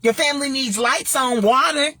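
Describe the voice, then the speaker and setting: A woman's voice: high voice, moderate pace, pushed and bright. A woman hosting her own show, giving emphatic, blunt advice and telling a personal story in a casual monologue. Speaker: talk show host and former radio DJ.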